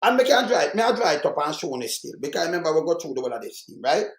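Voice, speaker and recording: A man's voice: fairly high pitch, very animated, rapid-fire, echoey room. A Jamaican man giving heated political commentary, fiery and mocking, repeating himself for emphasis.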